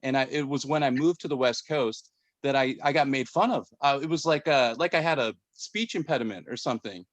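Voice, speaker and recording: Man, 40s, from Minnesota; podcast host, chatty and halting, mid pitch, dry. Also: dry recording. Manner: rambling, many restarts. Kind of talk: casual chat.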